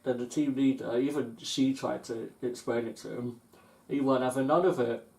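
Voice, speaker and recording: A man who chats easily and tells workplace stories in a casual podcast conversation. He speaks at an ordinary middle pitch. The sound has a noticeable echo from the room. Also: steady tone, normal speed, vocal fry, darkish tone. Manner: storytelling, acts out angry customers in anecdotes. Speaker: podcast co-host. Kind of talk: casual chat. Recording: echoey room.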